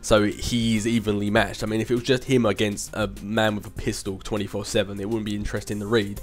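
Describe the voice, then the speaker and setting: Over faint background music, a young host with a lowish voice delivers his answers to viewer questions flatly and briskly. The chat is casual and rambling, with frequent laughter and filler hums.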